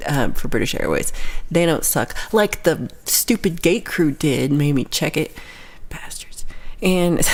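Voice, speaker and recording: A young woman hosting a casual livestream chat, telling a story with lively quoted voices and laughs. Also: low-pitched, vocal fry. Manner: animated storytelling, acting out quoted people, frequent laughs. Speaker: livestream host.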